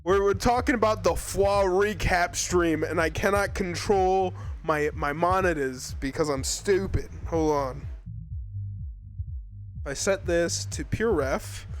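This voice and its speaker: A young man from Arizona chatting casually with his live chat as a streamer, rambling and laughing often. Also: sits high.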